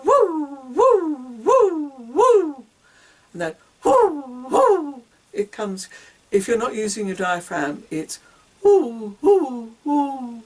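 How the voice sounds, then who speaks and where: A woman with a mid-range voice gives a casual singing lesson, demonstrating breathing exercises with whoops, grunts and hisses. She's far from the mic, and the recording is rough.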